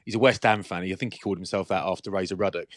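A man co-hosting a podcast in casual chat, chatty and quick to laugh. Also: deep voice, fairly even intonation, a bit bright, no room sound, studio quality. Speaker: podcast co-host.

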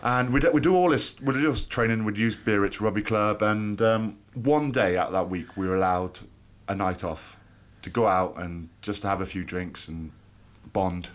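A man, a former rugby player, co-hosting a podcast in relaxed, joking chat with frequent rhetorical questions. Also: fairly low pitch, normal speed, few pauses. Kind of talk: casual chat.

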